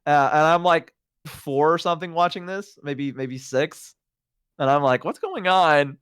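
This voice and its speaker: This stream guest has a clear, resonant voice on the high side and speaks unhurriedly. Chatting casually on a collab stream, he spins animated, rambling stories laden with fillers and plenty of "like." The audio is clean studio sound with no echo.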